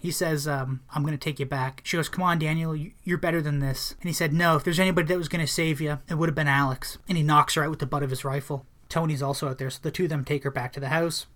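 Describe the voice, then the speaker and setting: A man's voice: fairly high pitch, a bit bright. A man co-hosting a podcast, casually recapping a film's plot, laughing often and briefly acting out quoted lines. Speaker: podcast co-host. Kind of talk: casual movie recap chat.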